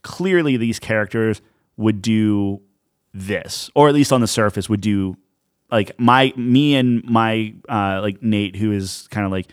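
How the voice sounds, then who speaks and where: A man's voice: fairly low pitch, measured pace, smooth, dry recording, studio quality. A young man co-hosting a podcast in casual chat, talking loosely with lots of "like" and fillers. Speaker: podcast co-host.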